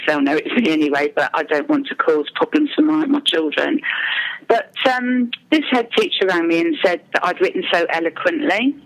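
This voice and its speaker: A mother appears anonymously as an interview guest, speaking in a low voice. She tells her account hesitantly, with frequent ums and restarts, over a rough recording.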